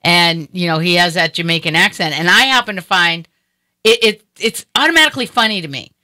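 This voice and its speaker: A woman's voice: on the low side, brisk, bright, forceful tone, no room sound. A woman hosting a talk show, chatting casually with a guest in a rambling way with many fillers. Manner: chatty, rambling, lots of "you know". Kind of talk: casual interview chat.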